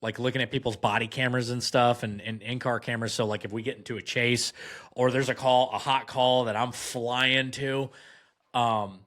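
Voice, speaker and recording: A man's voice: medium pitch, moderate pace. A young man, a podcast guest, telling a long anecdote in casual chat and acting out what others said. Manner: animated anecdote, acts out quoted voices.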